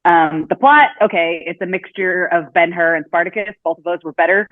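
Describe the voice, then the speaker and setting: A woman's voice: fairly low pitch, fairly quick, dry recording. Woman on a tinny remote call line. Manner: hesitant, many fillers and restarts. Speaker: podcast guest. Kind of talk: casual podcast chat.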